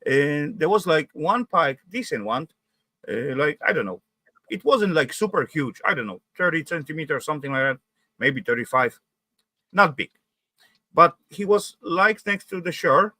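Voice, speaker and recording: A man speaking halting with lots of fillers, telling a fishing anecdote and laughing at himself. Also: a little high, sing-song, sharp tone, no echo. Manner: halting non-native English with many fillers, laughs at himself. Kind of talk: casual chat on a live stream.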